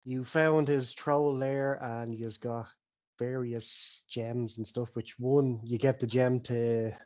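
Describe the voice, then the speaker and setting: A man runs a tabletop game, recapping events in a loose, chatty way. He laughs often and keeps the tone relaxed and friendly. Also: mid-range voice, slow, highs cut off. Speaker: game master.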